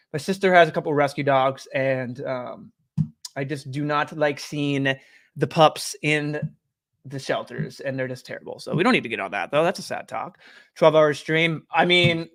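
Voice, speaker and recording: Easygoing, slightly high-voiced young man. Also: a bit bright. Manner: easygoing, rambling, chatty. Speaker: streamer and show host. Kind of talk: casual live-stream chat. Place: at home. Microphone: desk microphone.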